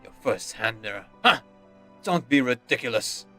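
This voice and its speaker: A haughty old nobleman father who sneers and scolds, as a man reading a game aloud puts him on. The voice is bright and forceful, raised in contempt. Faint music plays under the reading. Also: medium pitch, animated, moderate pace. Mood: scornful.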